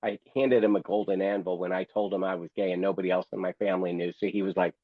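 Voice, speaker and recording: Low-voiced man telling a comic story. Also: fairly even intonation, quick pace, husky, dry recording, phone-quality sound. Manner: theatrical, comic, acts out other people's voices. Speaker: guest, memoir author. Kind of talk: storytelling, reading from his memoir.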